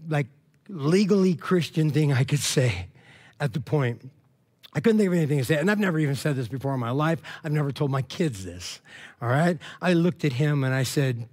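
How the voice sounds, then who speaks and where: A man preaching a sermon as a conversational story, acting out dialogue and checking in with the congregation. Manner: animated, acts out dialogue with swings in pitch and loudness; conversational, frequent "all right?" and "you know what I mean?". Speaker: pastor.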